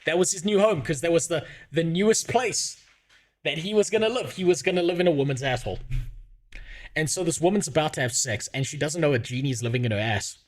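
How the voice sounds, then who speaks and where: A man's voice: on the high side, a little fast. A young man telling a crude comic story at home on a stream, swearing often and laughing as he goes. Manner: profane, laughing, animated.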